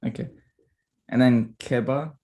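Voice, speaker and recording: A man's voice: medium pitch, fairly even intonation, unhurried, dark tone. A man hosting a podcast over a video call, chatting casually and rambling, often stumbling and restarting his words. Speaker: podcast host. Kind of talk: casual chat.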